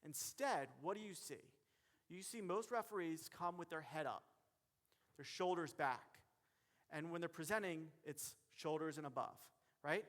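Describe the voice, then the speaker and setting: A man giving a motivational keynote as a referee, speaking directly to the audience in a lively way. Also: a little high, moderate pace. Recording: long hall reverb.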